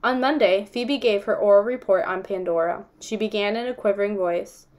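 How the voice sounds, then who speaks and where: A woman reading chapters of a novel aloud in a calm, even storytelling voice. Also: medium pitch, moderate pace. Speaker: audiobook reader.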